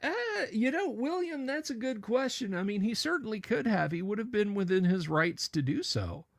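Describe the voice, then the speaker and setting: A man hosting a livestream who chats casually with viewers and goes into opinionated, animated rants with stammered restarts. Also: high voice, normal speed, vocal fry. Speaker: livestream host. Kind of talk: casual chat reading viewer comments.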